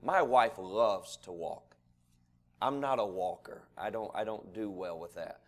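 A man preaching a sermon, telling folksy stories and building to animated preaching. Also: lowish voice.

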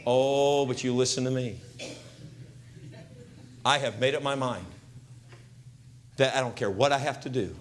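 An older man preaching a comic storytelling sermon, acting out scenes and shouting voices loudly. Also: medium pitch, a little slow, pauses often, slight background noise. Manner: animated, acts out scenes with loud shouts.

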